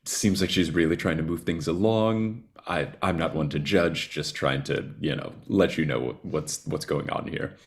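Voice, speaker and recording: A man in a tabletop game who talks in character with a hesitant ramble, stumbling and restarting as he explains. His voice sits very low and carries a plain, ordinary tone. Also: normal speed, few pauses. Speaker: player. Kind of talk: improvised tabletop role-play.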